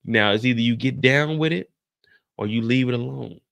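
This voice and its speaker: A man's voice: medium pitch, normal speed, gravelly, a bit bright. A man recapping a TV episode with loose, profane, joking asides. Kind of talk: casual comedic recap commentary.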